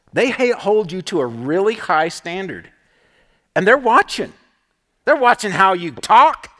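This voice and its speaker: This middle-aged pastor has a high voice with a fairly bright tone. His sermon unfolds conversationally through storytelling, and he regularly checks with the congregation using a brief "right?".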